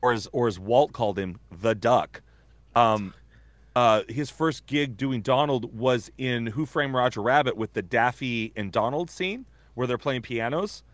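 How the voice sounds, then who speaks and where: A man's voice: medium pitch, measured pace, dry recording. A man who works as a voice actor telling stories in casual chat, rambling with many fillers and restarts. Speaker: voice actor guest.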